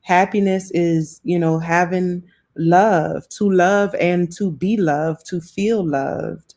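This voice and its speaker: Chatty New Orleans woman, lowish voice. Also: fairly even intonation, slow pace, darkish tone. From New Orleans, USA. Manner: chatty, emphatic, laughs often. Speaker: live stream host. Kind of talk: casual live chat reading comments. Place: South Florida home.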